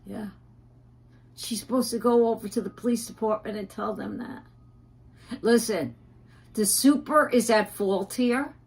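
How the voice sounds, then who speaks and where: A woman's voice: fairly high pitch, unhurried, long pauses, a little mellow. A woman ranting on a livestream, profane and indignant, with frequent fillers and restarts.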